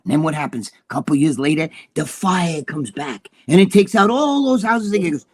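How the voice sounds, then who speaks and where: A man's voice: fairly high pitch, animated, a little fast, few pauses, a little mellow. A man in his sixties, co-hosting a casual chat and telling profane, heated stories. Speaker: co-host.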